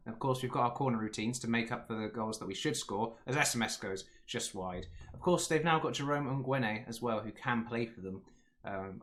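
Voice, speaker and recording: A young man commentating casually on a football management game, chatty and rambling, his voice a little hoarse. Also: on the low side, a bit bright. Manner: chatty, rambling, with frequent ums and asides. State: slightly hoarse, losing his voice. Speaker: gaming YouTuber.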